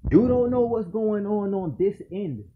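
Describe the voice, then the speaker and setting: A man's voice: high-pitched, expressive, unhurried, narrow, tinny audio, slight background noise. Aggrieved man ranting to camera. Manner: aggrieved and profane, repeating his points. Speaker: vlogger.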